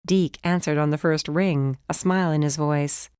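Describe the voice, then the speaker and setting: A woman giving first-person audiobook narration, lively and rising in pitch when the dialogue turns heated. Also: moderate pace, smooth, no echo, clean studio sound.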